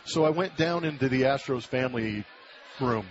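A former baseball player in his forties from Southern California tells a story as a guest in a casual interview, heard through muffled radio broadcast audio. His mid-range voice moves at normal speed over background noise. He's an animated storyteller who acts out the voices he quotes.

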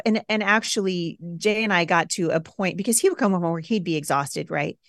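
Appearing as a podcast guest, a woman in her forties talks candidly, emphatic and animated, her pitch jumping high when she acts out her past self. She speaks fast with few pauses, and the studio sound is clean with no echo.

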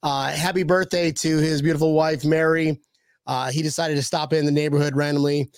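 A man hosting a casual sports podcast, excitable and rambling. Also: fairly high pitch, fairly quick, no echo. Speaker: podcast host.

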